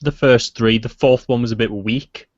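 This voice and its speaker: A man who is a guest on a livestream, dropping dry, deadpan quips in casual chat. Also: medium pitch, moderate pace, no room sound. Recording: dry, dull lo-fi stream audio.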